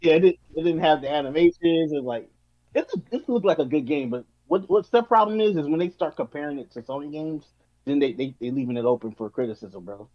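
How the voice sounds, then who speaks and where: A man co-hosting a podcast, bantering in fast, slangy casual chat. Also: fairly high pitch, expressive. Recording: muffled lo-fi audio.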